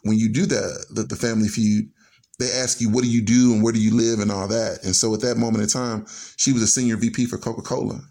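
A man's voice: on the low side, level tone, quick pace, creaky, mellow. A man earnestly telling a personal family story on a radio show, linking his sentences with "and so" as he goes. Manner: earnest, heartfelt, strings clauses with "and so". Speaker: storyteller guest.

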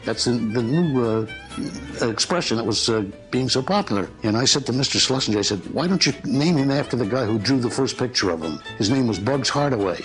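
A man's voice: mid-range voice, brisk, faint music behind, rough recording. A man, a voice actor, telling stories about creating his characters, slipping into their voices. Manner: lively, slips into character voices. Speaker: voice actor interviewed in archive clips.

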